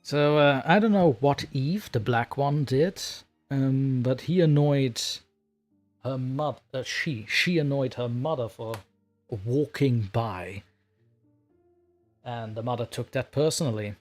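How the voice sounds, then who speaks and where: Guy rambling on his livestream, laughs a lot, middle pitch voice, bit of quiet music behind. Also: slow pace. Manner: rambling and chatty, laughing often. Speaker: livestream host and story narrator. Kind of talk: casual livestream chat.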